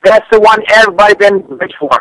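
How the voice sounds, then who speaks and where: A man, chatting on a comedic radio show in broken English, with lots of stammered restarts and sudden jumps in pitch. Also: quick pace, a bit bright, dry recording, rough recording. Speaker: fight picks guest. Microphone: studio radio mic.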